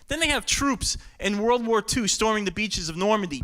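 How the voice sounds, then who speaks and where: A stand-up comedian from Brooklyn, performing an animated set that slips into quick character voices. He has a high voice with a very bright, forceful edge. He also banters casually as an interview guest. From Brooklyn, New York. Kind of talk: stand-up routine, then casual interview chat.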